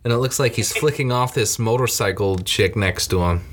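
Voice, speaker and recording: A man's voice: mid-range voice, normal speed, fairly bright tone. A man casually recapping a comedy film with his co-host, rambling, swearing and laughing often. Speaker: podcast co-host. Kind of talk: casual movie recap chat.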